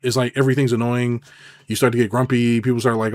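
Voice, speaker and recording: A man who works as a business consultant, ranting casually to camera in a sarcastic, profane and rambling way, jumping between loud outbursts and low mutters. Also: level tone, racing.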